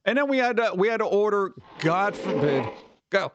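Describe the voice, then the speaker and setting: High-voiced ranting man streamer. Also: moderate pace, lo-fi sound, background noise. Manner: ranting, animated, swears lightly. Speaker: streamer host. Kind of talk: casual chat.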